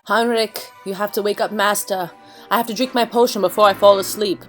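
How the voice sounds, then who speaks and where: A woman's voice: medium pitch, steady tone, fairly quick, over loud music, close to an everyday voice. A woman doing a bossy haunted-house lady. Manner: impatient, ordering a servant around. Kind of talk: toy play story voicing.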